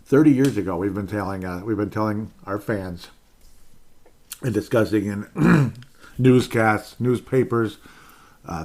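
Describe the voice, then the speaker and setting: Host read: lowish male voice, rambling excitable sports podcast monologue, repeats lines. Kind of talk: solo sports podcast rant.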